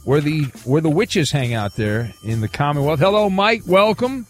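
A man hosting a late-night sports radio show, reading quiz clues in a brisk, jokey way. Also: fairly high pitch, lively intonation, faint music behind. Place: radio studio.

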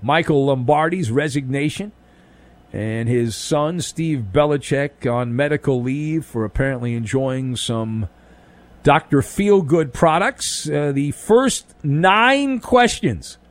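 Speaking slowly in a voice on the high side, this man runs an overnight sports talk show in a radio studio. He delivers a wisecracking, animated monologue with punchy jokes and pop-culture riffs throughout.

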